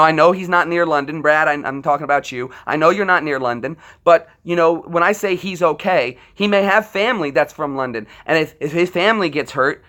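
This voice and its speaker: A man's voice: fairly high pitch, bright, forceful tone. A man who is a military veteran, ranting on a livestream in an impassioned, profane and rambling way, often restarting his sentences. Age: adult military veteran. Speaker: livestream host.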